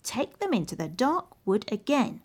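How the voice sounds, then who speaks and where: A woman's voice: fairly high pitch, sing-song, moderate pace, darkish tone, voice pushed up. A woman voicing a harsh stepmother in a storybook reading, giving orders sternly. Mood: commanding. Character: harsh, cold-hearted stepmother.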